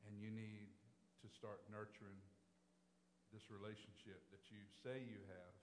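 A man who is a pastor, preaching a sermon as a story, swinging between loud preaching and low murmured retelling. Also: little pitch movement, a little slow. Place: church sanctuary. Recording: long hall reverb, faint hum.

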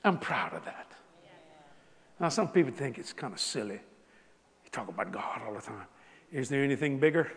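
A man preaching a storytelling sermon, chatty and laughing along, swinging between loud exclamations and hushed near-whispers. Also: medium pitch, sing-song, normal speed, vocal fry, pauses often, in a large hall. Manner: conversational, laughs with the crowd.

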